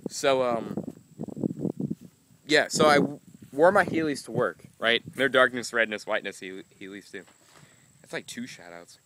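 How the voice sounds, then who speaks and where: A man's voice: medium pitch, pushed and bright. A young man rambling through a casual vlog, self-mocking and laughing as he talks, just woken up. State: just woke up. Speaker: vlogger.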